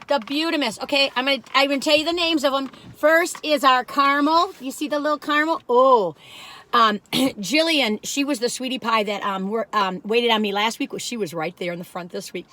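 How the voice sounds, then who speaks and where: Brief: high-voiced woman hosting a homey cookie-tasting vlog, folksy, laughs a lot. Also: fairly bright tone. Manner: folksy and giggly, breaks into little jingles. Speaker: vlogger reviewing cookies.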